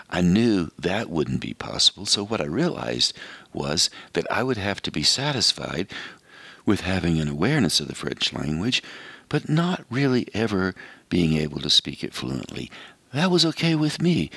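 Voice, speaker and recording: A man in his seventies with an American accent, a radio host telling a personal story in a relaxed, reflective monologue. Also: low voice, gravelly, breathy edge, dry recording.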